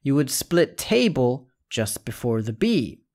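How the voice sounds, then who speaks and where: A man giving a recorded English lesson at a slow, unhurried pace. He explains step by step, spells out letters and repeats each example word, and often checks in with the listener by asking "right?". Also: medium pitch, big pitch swings, a little mellow. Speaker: English teacher.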